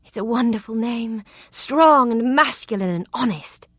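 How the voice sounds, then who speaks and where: A woman's voice: a little high, measured pace, no room sound, studio quality, pitched above the performer's own voice. A woman voicing a teasing, coquettish young lady. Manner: playful, coquettish, arch.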